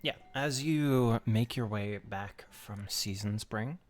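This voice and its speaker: Game master, male, lowish voice, relaxed scene-setting with frequent ums. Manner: unhurried narration with many fillers. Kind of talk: narrating a tabletop game.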